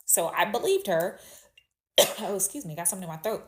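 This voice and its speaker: A woman's voice: medium pitch, very animated, fairly quick. A woman casually telling a childhood dream story, rambling and conversational with frequent restarts.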